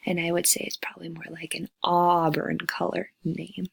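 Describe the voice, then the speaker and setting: A woman teacher in a recorded lecture, drawing out vowel sounds one by one. She speaks slowly, with a lowish voice and a gravelly edge. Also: little pitch movement, no echo. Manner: slow, deliberate, modeling vowel sounds.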